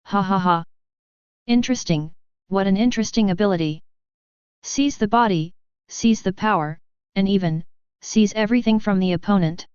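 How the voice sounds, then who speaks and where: Woman reading a calculating male villain, smooth, dry, slightly dull audio. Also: moderate pace, pauses often, a little mellow, dry recording, lightly acted. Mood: gloating. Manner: low, amused, calculating. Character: scheming man, gloating villain.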